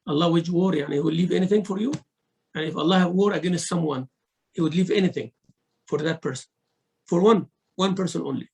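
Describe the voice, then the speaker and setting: Gravelly-voiced man teaching a sermon. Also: fairly high pitch, fairly quick, long pauses, darkish tone, low-quality recording. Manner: mixes Arabic recitation into English teaching, acts out rude and polite speech. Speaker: sheikh teaching Quran commentary. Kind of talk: religious lesson.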